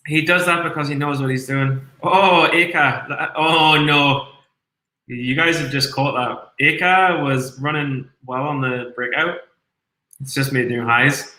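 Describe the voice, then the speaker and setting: Male streamer, tipsy, sweary and excitable, bright pointed tone, echoey room, mid-high voice. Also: a little slow. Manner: swears constantly, excitable, reads chat aloud. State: tipsy from red wine. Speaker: day trader streaming live. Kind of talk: live trading commentary.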